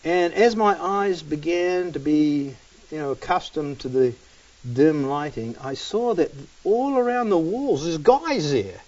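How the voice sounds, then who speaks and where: A man's voice: on the high side, expressive, normal speed, a little mellow. A man preaching a sermon, telling stories casually and often dropping "man" and "you know.". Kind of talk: sermon with storytelling. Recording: dull, distant recording.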